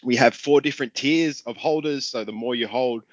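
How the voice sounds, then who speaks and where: A man's voice: mid-range voice, fairly quick, no room sound, highs cut off. A man from Australia with an Australian accent, a guest explaining his project in a friendly way. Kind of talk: casual chat.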